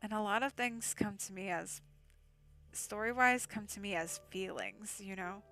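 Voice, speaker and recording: Woman, livestream host, bright, excitable chatter, slightly hoarse. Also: medium pitch, a little slow, faint music behind. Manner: chatty, enthusiastic, laughs often. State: losing her voice. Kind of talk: casual livestream chat.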